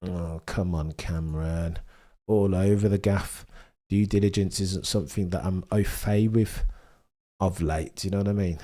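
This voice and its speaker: Deep-ish guy on a live stream, chatting with viewers, bit stuffed up from being sick. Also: normal speed. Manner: chatty, banters with chat, bursts of excitement. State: stuffy nose, recovering from illness. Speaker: live-stream host reading chat. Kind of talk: casual live-stream chat before a race.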